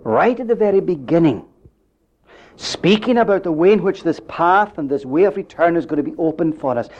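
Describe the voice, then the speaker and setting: A man preaching a sermon, building up to emphatic questions and dropping his voice low at the end of phrases. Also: animated, moderate pace, darkish tone. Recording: dull lo-fi recording.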